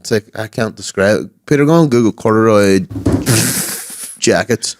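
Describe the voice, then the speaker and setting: A man's voice: on the low side, measured pace, noisy background. A man co-hosting a podcast, teasing his friend and pushing his opinions with enthusiasm. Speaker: podcast co-host. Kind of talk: casual banter with a friend.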